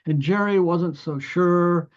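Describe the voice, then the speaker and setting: A man's voice: high voice, slow pace. Older ohio guy rambling thru a story, lots of um and uh, keeps restarting, kinda muffled dull audio. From Ohio, USA. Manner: rambling anecdotes with many restarts and fillers; acts out other people's lines in the story. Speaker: musician guest. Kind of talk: conversational storytelling.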